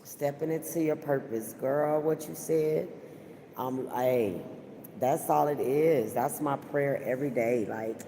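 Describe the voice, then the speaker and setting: A woman's voice: rumbling low, slow pace, mellow, long reverb tail, a little hiss or hum. A woman hosting a podcast, chatting casually and heartfelt with viewers, full of fillers and talk of faith. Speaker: podcast host. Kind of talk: casual livestream chat with viewers. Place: at her workplace.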